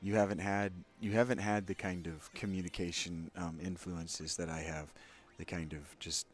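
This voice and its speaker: Candid low-voiced man narrating gameplay. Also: level tone, moderate pace. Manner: candid, opinionated, rambling asides to viewers. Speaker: let's play host. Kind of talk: gameplay commentary.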